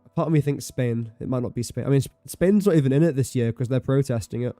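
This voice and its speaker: A man's voice: medium pitch, quick pace, warm tone, no room sound, soft background music. A young man chatting casually while livestreaming a game, rambling and correcting himself as he talks. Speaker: streamer. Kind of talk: casual gameplay livestream chat.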